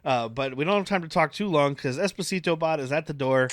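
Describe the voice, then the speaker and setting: A man's voice: a little high, fairly quick, no room sound, clean studio sound. Wry man recapping a movie plot. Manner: narrating plot with wry asides. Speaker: podcast host recapping the film. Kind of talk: casual movie-recap banter.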